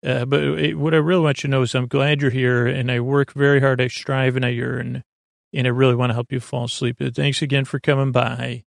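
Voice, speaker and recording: A man hosting a sleep podcast, talking in a creaky, lulling, meandering way full of tangents and restarts. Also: mid-range voice, level tone, a little fast, no room sound, clean studio sound. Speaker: podcast host. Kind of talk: rambling bedtime talk.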